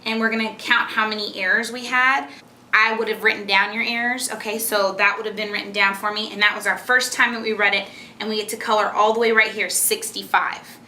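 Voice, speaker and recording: A woman's voice: mid-range voice, level tone, brisk, pushed and bright, slight background noise. A woman teacher explaining a reading method step by step, patient and encouraging, and reading a children's book aloud. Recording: echoey room.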